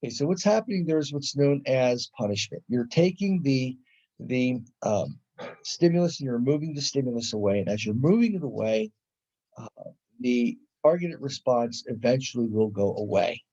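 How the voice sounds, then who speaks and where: A man's voice: medium pitch, animated, moderate pace, dark tone. A middle-aged man giving a conversational college psychology lecture, often restarting his sentences and acting out examples. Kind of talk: classroom lecture. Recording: dull lo-fi lecture recording.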